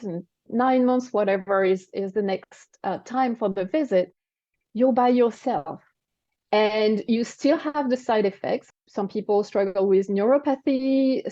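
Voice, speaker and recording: A woman in her forties speaking English with a French accent, answering interview questions in a reflective, explanatory way. Her voice is fairly high but mellow and soft-toned. The sound is dry and slightly dull. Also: dry recording. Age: 40s. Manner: reflective, explanatory, frequent "right?" and "you know". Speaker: guest. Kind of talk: interview conversation.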